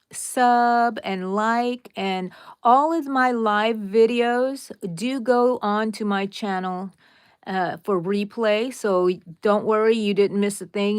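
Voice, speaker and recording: A woman from Texas, USA, with a Texan accent hosts a live crochet tutorial, chatting casually and directly with viewers and wandering into rambling asides. Her medium-pitched voice is clear and resonant, recorded dry.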